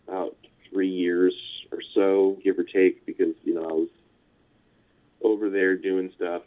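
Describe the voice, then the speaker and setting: A fairly low-voiced man with a Californian American accent, a punk musician guest, rambles through a laid-back interview chat. He fills it with "like" and "you know" and lets out quick chuckles. His audio is thin and tinny, like a phone line.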